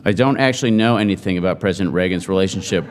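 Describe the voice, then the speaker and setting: A middle-aged man giving a humorous after-dinner speech, joking in a deadpan, self-mocking way to an audience in a large hall. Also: low voice, very fast, slight background noise. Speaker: speaker at a forum. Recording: hall reverb.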